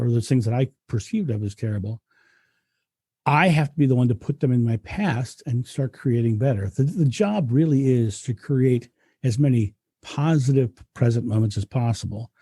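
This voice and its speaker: A man's voice: mid-range voice, dark tone, slightly rough, no room sound, clean studio sound. A man, a guest speaker, talking earnestly in a reflective interview and often restarting his sentences. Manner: earnest, frequent restarts and repetitions.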